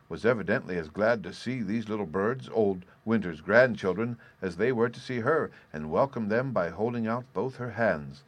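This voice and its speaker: A man narrating a storybook in a steady, measured reading. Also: lowish voice.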